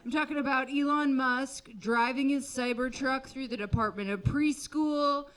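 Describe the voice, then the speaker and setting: A woman's voice: high-pitched, moderate pace, a bit bright. A woman doing a stand-up comedy set on a comedy club stage, wry and conversational with sarcastic asides.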